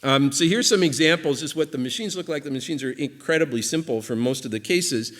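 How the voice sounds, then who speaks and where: A man's voice: fairly high pitch, a little fast, a bit bright. A man giving an invited academic conference talk, explaining ideas aloud in a loose, thinking-aloud way with frequent fillers and restarts. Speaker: invited speaker. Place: lecture hall. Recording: long reverb of a lecture hall.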